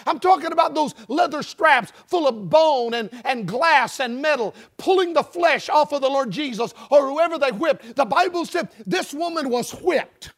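A man preaching a sermon in a church, his voice pitched strikingly high. He speaks with a folksy, joking manner, then builds to loud, shouted emphasis. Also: animated, normal speed, hardly any pauses. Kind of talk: sermon with storytelling. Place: church building before a congregation.

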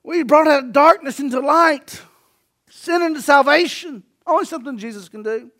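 A pastor in his forties with a strikingly high voice, preaching with emphasis. He builds his lines into shouts and drives each point home. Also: normal speed. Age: 40s. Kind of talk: sermon.

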